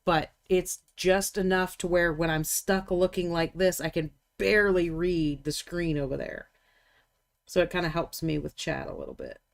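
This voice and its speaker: A woman's voice: on the low side, fairly even intonation, moderate pace, vocal fry. Chatty woman painting live on stream. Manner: chatty, self-deprecating, thinks aloud. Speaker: livestream painting host. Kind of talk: casual livestream chat while painting.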